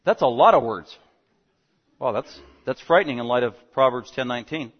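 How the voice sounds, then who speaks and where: A man preaching an expository sermon, animated and fast-talking, swinging between loud emphasis and quiet asides. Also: medium pitch. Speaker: pastor. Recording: dull lo-fi sound.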